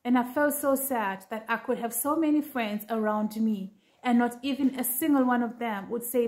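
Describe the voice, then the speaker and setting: A woman's voice: a little high, normal speed, few pauses, a little mellow. A woman earnestly recounting a dream to her viewers in casual storytelling, with lots of fillers. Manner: earnest, talks straight to viewers with many fillers. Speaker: vlogger sharing a prophetic dream.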